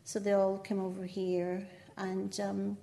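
An older Northern Irish woman with a mellow, warm voice. She speaks as a poet guest in a relaxed interview. She chats freely, laughs often and pokes fun at herself. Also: medium pitch, slow pace, creaky. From Northern Ireland. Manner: chatty, laughing often, with self-mocking asides. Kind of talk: conversational interview.

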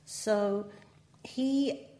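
A woman's voice: mid-range voice, drawn-out words, dark tone. An older woman with a Northern Irish accent speaking as a poet guest in an interview. She talks in a chatty way, laughs often and makes self-mocking asides. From Northern Ireland. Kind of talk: conversational interview.

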